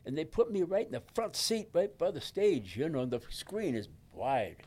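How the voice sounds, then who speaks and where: A man in his nineties from Detroit, telling a personal story as a guest in a halting, emotional and folksy way, with many restarts. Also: on the high side, very animated, a little mellow. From Detroit, USA. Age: 90s. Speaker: guest, veteran and pastor.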